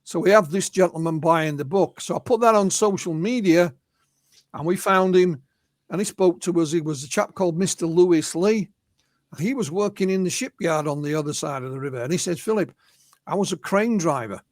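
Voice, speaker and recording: An English man, a guest researcher and author, telling stories in a relaxed interview and often quoting the witnesses he spoke to. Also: fairly high pitch, fairly quick, no echo. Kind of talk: conversational storytelling interview.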